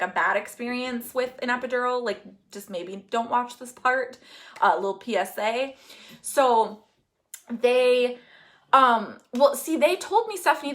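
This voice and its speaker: A woman's voice: a little high, a bit bright. A young woman talking casually on a live stream, telling a long personal story with lots of fillers and asides to viewers. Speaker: host of a live Q&A.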